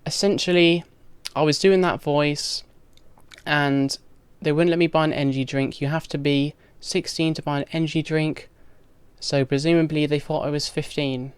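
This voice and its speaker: A woman's voice: low voice, fairly even intonation, normal speed, clear, resonant tone, no room sound. A young trans woman speaking frankly in a direct-to-camera video diary, with plenty of casual fillers. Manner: candid, frank, frequent fillers. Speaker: video diarist.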